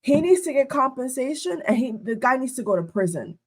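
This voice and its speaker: A woman's voice: sits high, big pitch swings, brisk. A woman giving indignant reaction commentary, addressing her viewers as "guys" and repeating herself. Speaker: commentary vlogger.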